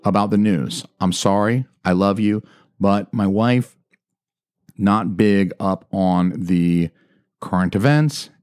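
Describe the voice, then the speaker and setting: A man co-hosting a casual podcast with his wife, joking loudly and swearing often. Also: lowish voice, no echo, studio quality. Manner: loud, profane, joking. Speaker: podcast co-host. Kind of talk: casual chat.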